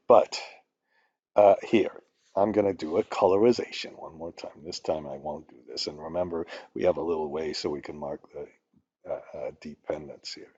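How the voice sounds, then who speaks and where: A man's voice: medium pitch, unhurried, dark tone, no room sound, muffled recording. Rambling older man ranting in a tutorial. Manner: rambling, ranting, swears when annoyed. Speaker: instructor. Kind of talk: screen-recorded spreadsheet tutorial.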